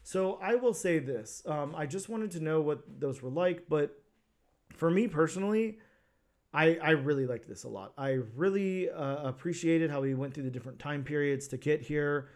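A man's voice: fairly high pitch, moderate pace. A man co-hosting a casual comics podcast, talking in a rambling way with many restarts. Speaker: podcast co-host.

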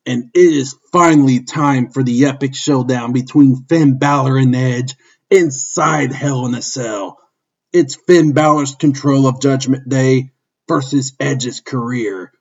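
A man narrating a fan-written wrestling story in a steady, plain reading voice, husky, on a dull lo-fi recording. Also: mid-range voice.

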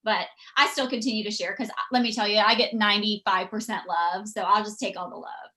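A woman, telling stories as a podcast guest in a chatty, animated way. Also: medium pitch, fairly quick. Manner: chatty, animated, quotes people in acted voices. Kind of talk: casual storytelling.

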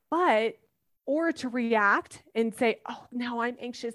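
A woman's voice: fairly high pitch, animated, normal speed. A woman in her thirties, a mother answering interview questions earnestly and animatedly, acting out everyday examples. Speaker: parenting guest expert.

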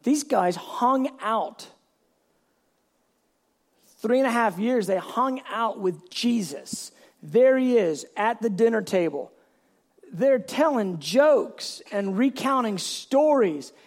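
A man pastor preaching a sermon in an animated storytelling way, bursting into shouts. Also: very high-pitched, measured pace.

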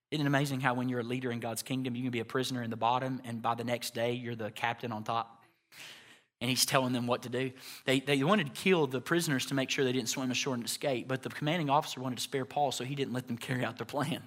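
A male pastor preaching a sermon, animated, acting out voices and building to loud, high passages. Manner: animated, acts out God and churchgoers.

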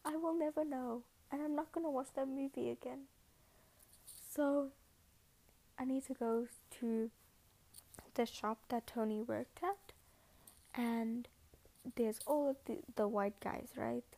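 A woman hosts a casual podcast, rambling through a retelling and often correcting herself mid-sentence. Her voice is high-pitched but mellow and warm. She slips into quoted lines as she goes. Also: fairly even intonation, slow pace, gravelly, pauses often, poor audio. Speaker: podcast host.

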